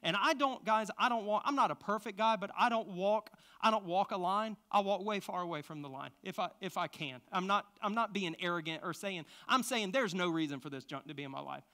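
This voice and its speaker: Bright-voiced, passionate male preacher. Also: sits high, brisk, few pauses. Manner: passionate, swings from hushed confessions to loud exclamations. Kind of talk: sermon with personal testimony. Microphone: stand microphone.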